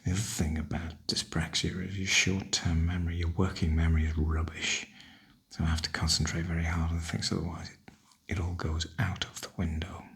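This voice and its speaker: An older man, softly half-whispering a wry, chatty ASMR ramble. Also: sits low, little pitch movement, a little fast, gravelly, slightly rough. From northern UK. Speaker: ASMR host.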